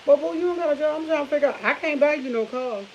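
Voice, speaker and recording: High-pitched and quick, a woman hosting a vlog chats through stories with her viewers. Her telling rambles, with frequent laughs and restarts, and the recording sounds dull and lo-fi, with faint hiss.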